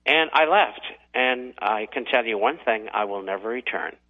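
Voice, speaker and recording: A man's voice: mid-range voice, animated, normal speed. Man telling his story over a phone line. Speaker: radio guest.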